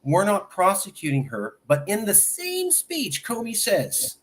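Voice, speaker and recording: A man hosting a political talk show, chatty and animated, who quotes people at length as he sets up his questions. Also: sits high, a little slow, few pauses. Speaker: host.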